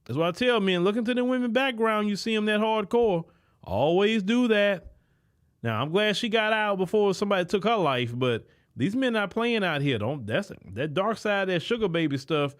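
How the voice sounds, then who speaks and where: Male host, fairly high voice, emphatic lecturing commentary, filler-heavy. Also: lively intonation, normal speed. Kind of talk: commentary monologue.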